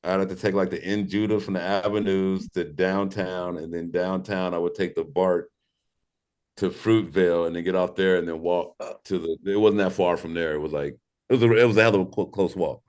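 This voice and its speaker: A very deep-voiced man from St. Louis, Missouri, talking as a podcast guest. He tells his stories in a loose, laid-back way, swears freely and laughs as he goes. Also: fairly even intonation, fairly quick, darkish tone. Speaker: podcast guest, former pro skateboarder. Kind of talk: casual storytelling interview.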